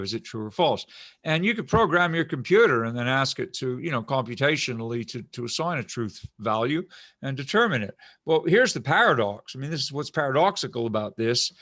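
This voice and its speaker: A man's voice: medium pitch, fairly bright tone, dry recording, studio quality. A middle-aged man giving an online philosophy lecture, talking in a discursive way with restarts and frequent checks that students are following. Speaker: philosophy professor.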